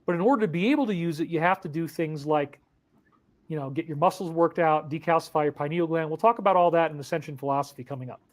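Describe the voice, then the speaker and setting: A man's voice: on the high side, fast talker. A man earnestly telling a dramatic spiritual story about his own experience. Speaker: spiritual speaker. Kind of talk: emotional personal storytelling.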